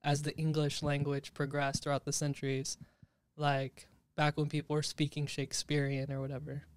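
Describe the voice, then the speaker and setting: A man's voice: fairly high pitch, monotone, normal speed, clean tone. An American man hosting a podcast, chatting casually and curiously, with lots of "like" fillers. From United States. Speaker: podcast host. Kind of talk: casual chat.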